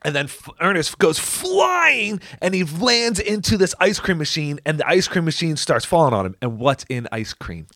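A man's voice: fairly high pitch, big pitch swings, moderate pace, few pauses, a bit bright, no room sound, clean studio sound. Laughing man retelling a movie scene. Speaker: podcast co-host. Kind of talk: casual chat.

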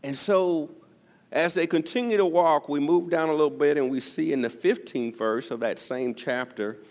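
A male pastor preaching a sermon, his delivery swinging from loud emphasis to near-whispers. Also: on the high side, moderate pace. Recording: long reverb of a church hall.

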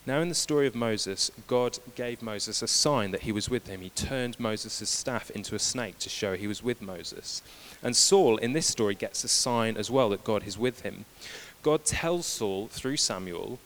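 A man preaching a sermon who retells scripture as lively, casual dialogue. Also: on the low side, normal speed, few pauses, slight background noise.

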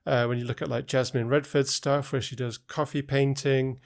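A man with a smooth, clear voice joining a casual book chat as a comics writer. He talks with keen enthusiasm at a middle pitch. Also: level tone, moderate pace.

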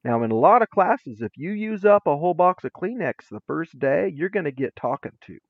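Animated, lively-voiced male educator. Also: on the high side, a little fast, dry recording. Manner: emphatic, punchy delivery with casual slang. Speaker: guest educator. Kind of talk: animated storytelling in conversation. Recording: dry, dull lo-fi sound.

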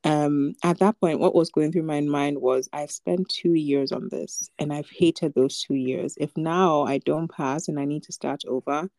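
Young woman, podcast co-host, casual chat, low pitch, dry, story-telling with fillers. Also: fairly even intonation, unhurried, hardly any pauses, darkish tone, no room sound. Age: young adult. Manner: chatty storytelling with many fillers and laughs.

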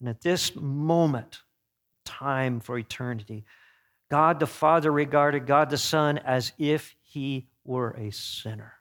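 A man preaching an earnest sermon. He swings between emphatic peaks and hushed, solemn passages, and often corrects himself mid-phrase. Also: mid-range voice, slow pace. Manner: frequent self-corrections and restarts.

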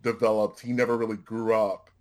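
A man's voice: on the low side, a little fast. A man in casual chat, animatedly retelling a film with plenty of profanity. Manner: animated, profane storytelling with frequent restarts.

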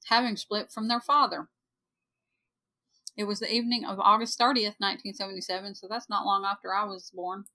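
A woman's voice: medium pitch, steady tone, fairly quick, bright, forceful tone. A woman in her forties co-hosting a podcast, reading a ghost story aloud with joking asides. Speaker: podcast co-host.

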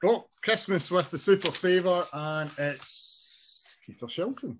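A man's voice: high-pitched, takes it slowly, slight background noise. A middle-aged man hosting a casual nostalgic podcast chat, reminiscing and laughing often. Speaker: podcast host.

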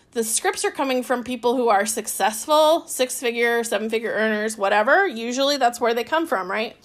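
Young female podcast host, slightly high voice, chatty and upbeat, filler-heavy casual advice delivery. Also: a bit bright.

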